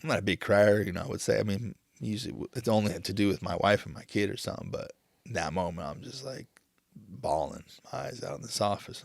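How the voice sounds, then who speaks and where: Thirties male podcast host, tearful and halting; low, gravelly voice. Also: no room sound. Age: 30s. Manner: emotional, halting, many restarts. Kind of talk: casual chat.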